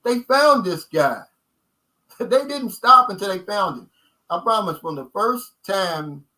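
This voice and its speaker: Forceful man with a Kentucky accent. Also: high voice, expressive, takes it slowly, poor audio. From United States. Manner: emphatic, folksy, repeats key phrases, addresses viewers as guys. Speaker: channel host. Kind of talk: casual livestream chat.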